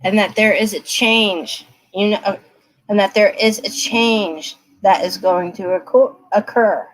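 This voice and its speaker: A woman's voice: mid-range voice, fairly even intonation, a little slow, rough recording. A woman giving tarot readings on a live stream, chatting straight to her viewers and laughing often. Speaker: tarot reader.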